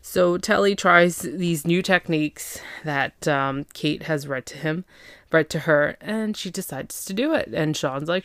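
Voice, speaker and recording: Low-voiced woman chatting through a recap. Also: unhurried, no echo, studio quality. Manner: chatty, filler-heavy, acts out the characters' lines. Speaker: podcast host. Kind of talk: casual TV episode recap.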